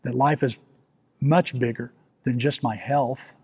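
A man's voice: medium pitch, fairly even intonation, measured pace, gravelly, darkish tone, slightly rough. A man preaching a sermon as pastor, in a conversational way, often restarting with repeated words and asking the listeners questions.

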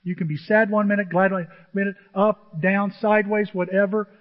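A male pastor preaching a sermon to his church, animated and emotional, often jumping into excited high exclamations. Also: moderate pace. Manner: self-described emotional. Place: church sanctuary with a screen. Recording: dull, long hall reverb.

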